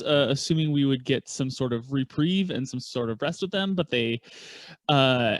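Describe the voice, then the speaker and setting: A man's voice: medium pitch, animated, measured pace, dry recording. A man playing in a tabletop role-playing game, chatting casually in a rambling, self-deprecating way and laughing often. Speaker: player.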